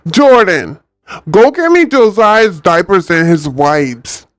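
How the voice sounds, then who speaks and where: A man voicing an overworked, scolding mother with a Spanish accent, in a nagging, loud manner. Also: sits high, sing-song, dry recording, clean studio sound, soft background music, exaggerated voice. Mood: bossy. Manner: nagging, loud, drawn-out calls. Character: scolding overworked mother, middle-aged woman.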